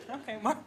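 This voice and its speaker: A woman in her thirties performing a live stand-up set, animated and quick to jump into loud put-on voices. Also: high voice. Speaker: stand-up comedian. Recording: live comedy club with audible noise.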